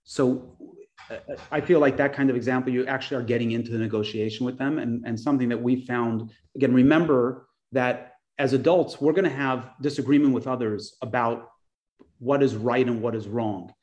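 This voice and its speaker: A man's voice: medium pitch, steady tone, a little fast, darkish tone, lo-fi sound. Earnest man teaching a parenting class. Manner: earnest, restarts phrases often.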